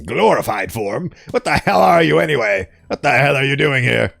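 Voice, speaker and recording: A man voicing a brash, crude-talking male agent who swears and shouts like a hillbilly. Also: medium pitch, lively intonation, moderate pace, creaky. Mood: brash, incredulous.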